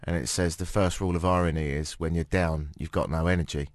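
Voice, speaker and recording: A man's voice: low voice, fairly quick, no room sound, clean studio sound. A man with a British accent hosting a radio talk show, telling stories in a playful, teasing way. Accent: British English. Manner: playful, teasing, animated storytelling. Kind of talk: casual radio chat. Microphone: studio mic.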